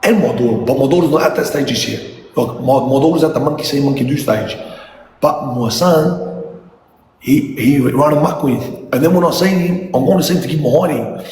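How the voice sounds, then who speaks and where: A middle-aged man telling animated, sweary stories about his kids to viewers in a casual chat. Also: medium pitch, fairly quick. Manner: animated, swearing, laughing asides. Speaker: father talking to viewers. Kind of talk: casual storytelling livestream. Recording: echoey room with long reverb, faint noise.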